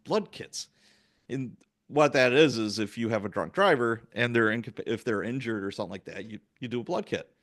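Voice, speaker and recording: A man, a police officer, telling work stories in casual chat and acting out the dialogue in an animated way. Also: medium pitch, brisk. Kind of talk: casual storytelling.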